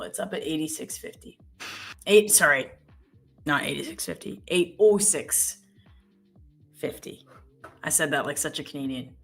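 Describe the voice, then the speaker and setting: Low, bright-voiced chatty woman. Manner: chatty, thinks aloud, quick self-corrections. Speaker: live trading stream co-host. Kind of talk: casual live-stream chat while trading.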